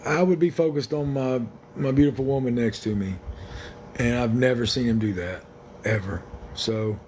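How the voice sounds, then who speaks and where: A man's voice: mid-range voice, normal speed, a little mellow, slight background noise. A man hosting a casual livestream, talking to viewers in a blunt, rambling, joking way. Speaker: livestream host.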